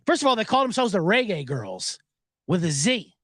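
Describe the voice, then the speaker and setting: A man's voice: high voice, big pitch swings, normal speed, a bit bright, no echo, studio quality. A man hosting a sports betting show, talking in a loose, joking, profane ramble full of asides. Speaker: sports betting podcast host. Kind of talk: casual rambling commentary.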